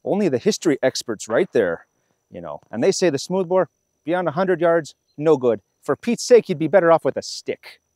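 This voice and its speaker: Guy putting on a cocky yankee soldier, goofy minnesota accent, high and jumpy. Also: sing-song, normal speed, a little mellow, no echo, clean studio sound. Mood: mocking. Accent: put-on Minnesota. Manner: brash, mocking, high-pitched jabs.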